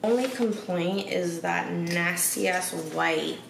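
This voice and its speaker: Slow and lowish, with vocal fry, a woman chats to her viewers in a home vlog. She's sassy and slangy in a casual way. The room echoes, the mic is distant, and there's noise.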